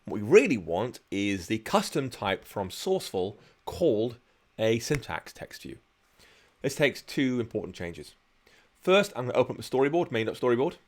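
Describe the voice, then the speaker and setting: A man's voice: medium pitch, sing-song, moderate pace, a little hiss or hum. A man teaching programming on a live stream, chatting and explaining each step as he works. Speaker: programming instructor. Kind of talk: live-streamed coding tutorial.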